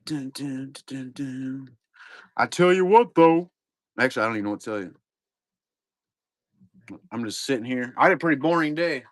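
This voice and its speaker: A man's voice: medium pitch, lively intonation, brisk, pauses often, no room sound, clean studio sound. A middle-aged man, casually rambling to chat viewers while opening card boxes on a live stream. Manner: rambling, laid-back, talks to chat viewers.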